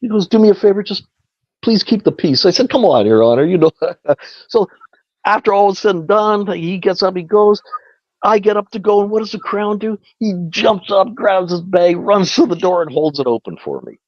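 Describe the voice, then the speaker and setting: A man tells a long story in a loose, chatty way and laughs often. His pitch swings widely as he talks. The recording is dry and dull, like lo-fi radio. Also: lively intonation, normal speed, no room sound. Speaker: guest. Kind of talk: casual storytelling.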